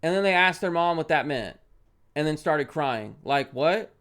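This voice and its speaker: A young man reads a parenting game's story aloud on stream, then breaks off to react. His voice is slightly high and smooth, close to the mic, swinging from loud indignant bursts to quiet mumbled asides. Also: normal speed. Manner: animated, swings from loud outbursts to muttered asides.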